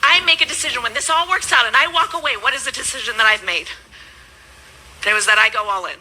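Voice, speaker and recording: Emphatic high-voiced woman giving a motivational speech. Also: fast talker, slightly rough, rough recording. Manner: emphatic, repetitive, swings between loud and hushed. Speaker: business coach.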